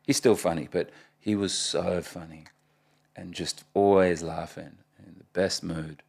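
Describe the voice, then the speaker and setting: A man, speaking in a very low voice with a rough, gravelly fry. He is a guest in a casual interview and tells his stories with animation, often breaking into laughter. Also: fairly even intonation, measured pace, darkish tone. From Australia (Perth). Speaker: guest, rapper.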